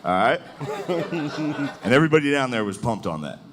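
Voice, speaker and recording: A man's voice: medium pitch, sing-song, normal speed, noisy background. A man doing a live stand-up set on stage, talking loosely, laughing at his own jokes and slipping into mocking voices. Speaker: stand-up comedian. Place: stage before a live audience. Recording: live show with crowd laughter. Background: audience laughing.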